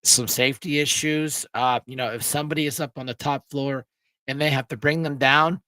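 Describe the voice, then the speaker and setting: A man's voice: medium pitch, fairly even intonation, brisk, bright, forceful tone, no room sound. A man hosting a casual live-stream chat, rambling and laughing with many restarts, his throat a little sore. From Pennsylvania. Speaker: show host.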